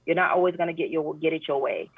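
A woman guest talking earnestly in a casual interview chat, often animated and full of fillers. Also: low voice, fast, vocal fry, breathy edge, no room sound. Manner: earnest, animated when retelling, many fillers. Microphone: phone call. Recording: tinny phone line.

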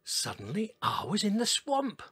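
A man reading a children's storybook aloud in a gentle, expressive way. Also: high voice, unhurried, slightly rough, no echo. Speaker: narrator.

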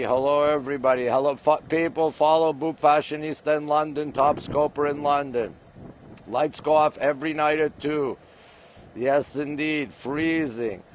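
A man hosting a casual live stream from a windy rooftop at night, very cold, chatting and greeting viewers one by one. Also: a little high. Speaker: livestream host.

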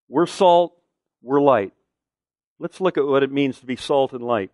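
A man's voice: medium pitch, animated, unhurried, a little mellow, no room sound, studio quality. A man preaching a sermon as pastor, emphatic, asking the listeners questions and answering them.

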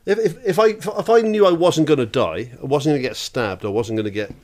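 A man's voice: a little high, a little fast, darkish tone. A middle-aged man co-hosting a podcast, blunt and sweary, telling stories with laughing asides. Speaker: podcast co-host. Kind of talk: casual chat.

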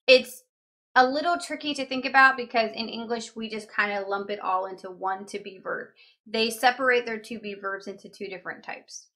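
A woman with a bright, fairly high voice explains grammar to beginners. She is chatty and relaxed, giving examples and repeating words slowly so they sink in. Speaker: language teacher.

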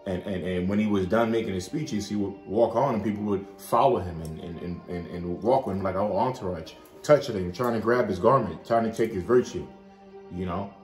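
A man giving an informal Bible study, chatting loosely and reading scripture aloud slowly. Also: lowish voice, darkish tone, roomy sound, faint music behind. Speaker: Bible teacher.

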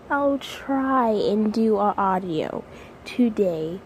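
A woman's voice: fairly high pitch, steady tone, very slow, long pauses, darkish tone, a little hiss or hum, low-quality recording. A woman vlogging casually at home to her viewers, nervous and rambling, close to tears. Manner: nervous and rambling, with many restarts and sighs.

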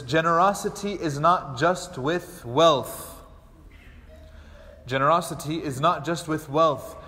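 A man's voice: on the high side, long reverb tail. A man, an imam, teaching a lecture class, acting out little dialogues as he tells stories. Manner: animated storytelling with acted-out dialogue. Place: mosque hall.

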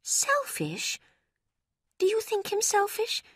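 A woman voicing an emotional, remorseful young woman with a high, slow, heartfelt delivery. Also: animated, breathy edge, no echo, clean studio sound, full character voice. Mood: earnest, remorseful.

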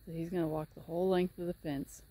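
A woman who runs a horse rescue farm, filming a casual vlog outdoors on a handheld camera and chatting while she coaxes her horses in a high sing-song voice. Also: level tone, fast, dark tone, husky.

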